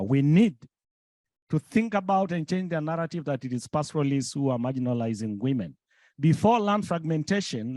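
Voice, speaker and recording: A man with a fairly high voice closes his remarks on a panel. He speaks in an earnest, urging way. The recording is dry and close. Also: darkish tone, dry recording. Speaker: panelist, community advocate. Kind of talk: closing remarks of a speech.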